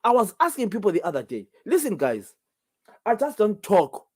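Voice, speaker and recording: This Zimbabwean host, a native Ndebele speaker, runs a call-in show solo, talking at normal speed in a high, slightly mellow voice with a breathy edge and wildly swooping pitch. His commentary is emphatic, packed with rhetorical questions, and he often says things twice.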